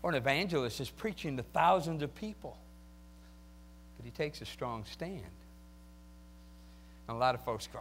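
A man preaching a sermon, moving from quiet talk to loud shouting peaks and acting out quoted voices. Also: medium pitch, normal speed, a little hiss or hum. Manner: acts out quoted voices and asks the crowd for replies.

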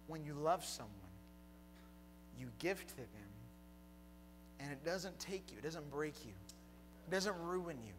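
A young man preaching a sermon, telling a personal story that builds to a fervent, shouted close. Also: a little high, animated, a little slow, pauses often, noisy background. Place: church hall with congregation.

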